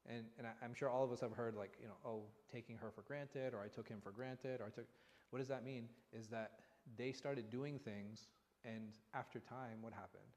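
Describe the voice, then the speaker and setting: Imam teaching with rhetorical questions, hall reverb. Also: male voice, medium pitch, moderate pace. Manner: animated, asks rhetorical questions. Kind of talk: conversational religious lesson. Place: mosque hall.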